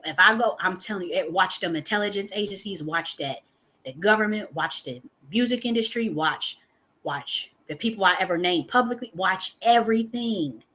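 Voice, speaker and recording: A woman's voice: mid-range voice, normal speed, bright, forceful tone. A woman, giving a heated, profane monologue full of repetition and sudden outbursts. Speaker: spiritual teacher and channel host. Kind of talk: impassioned monologue.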